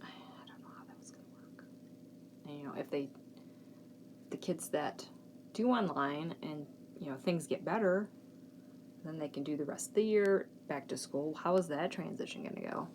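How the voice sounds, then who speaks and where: Low-voiced and darkish in tone, a thirtysomething woman talks at a moderate pace on her knitting podcast. She keeps it chatty and candid while worrying a bit about the kids' schooling, and faint noise sits in the background.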